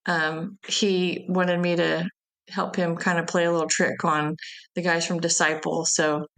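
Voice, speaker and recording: A woman's voice: lowish voice, flat delivery, unhurried, fairly bright tone. A woman, a festival's event director, chatting as an interview guest and telling rambling, laughing anecdotes. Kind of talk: casual interview chat.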